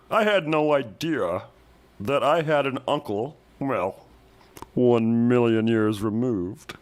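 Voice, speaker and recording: Name: -. Figure: a man putting on a crude grumpy bullfrog. Sex: male. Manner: rambling, complaining. Pitch: a bit raised. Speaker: caller. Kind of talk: comedy call-in bit.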